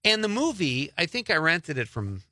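A middle-aged male radio host talking casually in the studio, his voice bright and lively, bouncing all over his pitch. He sounds opinionated and laughs easily, close to a dry microphone. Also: normal speed, no echo. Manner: animated, opinionated, laughs often. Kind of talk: casual talk radio banter.

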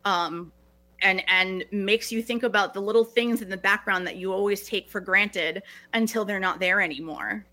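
Guest, female, middle-aged, bright forceful voice, earnest, many restarts. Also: mid-range voice, normal speed. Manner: earnest, restarting phrases often. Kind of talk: reflective podcast conversation.

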